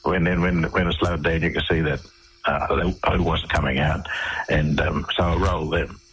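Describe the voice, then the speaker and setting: Deep-voiced Australian man telling his story. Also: fairly even intonation, moderate pace, a bit bright, breathy edge, rough recording. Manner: rambling, with many restarts and repeated words. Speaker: interview guest. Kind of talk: casual radio interview storytelling.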